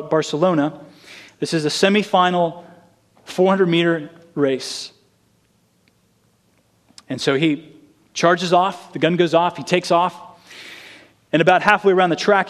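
A man preaching a sermon, telling a story earnestly and acting out the quoted lines. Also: fairly high pitch.

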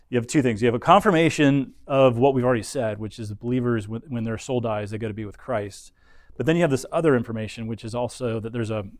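A man's voice: mid-range voice, no room sound. Man teaching a Bible lesson, dry sound. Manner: explanatory, frequent restarts and fillers.

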